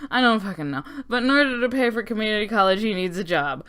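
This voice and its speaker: A woman narrates a casual lore breakdown in a smooth, clear voice at a mid pitch. She is sarcastic and profane and keeps dropping joking asides. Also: expressive, fast talker, fairly bright tone. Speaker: video essay host.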